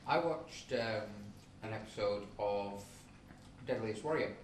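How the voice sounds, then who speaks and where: A man's voice: fairly low pitch, slow pace, far from the mic, slight background noise. Hesitant man, off mic in an echoey room. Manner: hesitant, filler-heavy storytelling. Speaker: podcast co-host. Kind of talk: casual chat.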